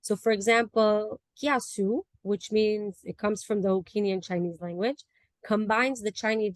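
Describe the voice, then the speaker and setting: A woman explains a class topic over a video call, walking through words and examples one by one. Her voice is mid-pitched and sounds dry and close, with little room sound. She talks in an explanatory way and laughs now and then. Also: a little mellow, no echo. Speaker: student presenter.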